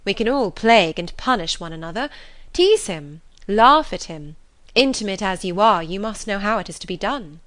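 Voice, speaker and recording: A woman reading the part of a spirited young woman, teasing and quick-witted. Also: medium pitch, lively intonation, fairly bright tone, dry recording, natural voice.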